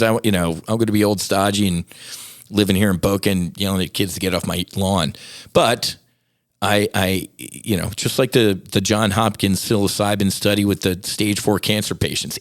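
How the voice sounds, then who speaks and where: A man's voice: on the low side, no room sound, clean studio sound. A middle-aged man hosting a podcast, talking candidly and growing passionate, rising into emphatic rants. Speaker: podcast host. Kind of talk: casual solo podcast talk.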